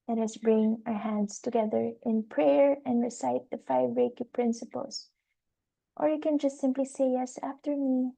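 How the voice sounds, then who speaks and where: A woman life coach gently leading a guided meditation, speaking softly and warmly affirming. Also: high-pitched, steady tone, moderate pace, gravelly. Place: online live class.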